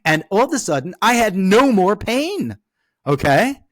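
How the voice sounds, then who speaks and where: A man who is a podcast guest, telling a personal story in a lively way. He often checks in with the listener by asking "okay?". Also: high voice, measured pace, no echo, clean studio sound.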